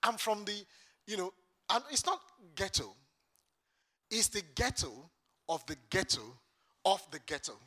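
A man's voice: high-pitched, very animated, measured pace, pauses often, pushed and bright. A man from Lagos preaching a sermon to a congregation, with an impassioned, repetitive preaching cadence. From Lagos, Nigeria.

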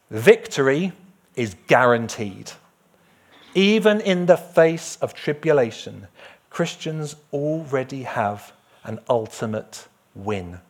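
Slow, lively preacher man. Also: fairly high pitch, slightly rough. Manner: lively, jokey, breaks into song. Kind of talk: sermon.

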